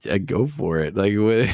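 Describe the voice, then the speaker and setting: A man co-hosting a podcast in casual chat, teasing and laughing often. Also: fairly low pitch. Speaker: podcast co-host.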